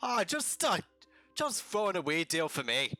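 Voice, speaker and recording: A man voicing a boastful, flirtatious male adventurer who drags his words out loudly. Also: high-pitched, very animated, no room sound, faint music behind, pitched above the performer's own voice, full character voice. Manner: drawn-out, hammy.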